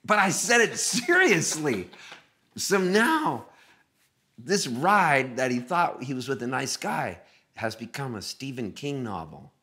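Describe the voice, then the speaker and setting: A man telling a funny story as a guest, animated and often laughing. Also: medium pitch, slow. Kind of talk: casual storytelling.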